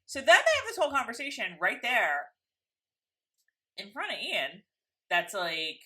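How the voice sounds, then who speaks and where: Lively bright-voiced woman recapping. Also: a little high, measured pace, pauses often. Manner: chatty, rambling, acts out characters' lines. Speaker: podcast co-host. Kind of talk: casual TV recap chat.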